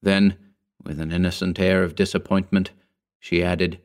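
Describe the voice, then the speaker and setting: A man reading an old story aloud in a measured, formal narration. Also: low voice, little pitch movement, a little mellow, clean tone. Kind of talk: scripted narration.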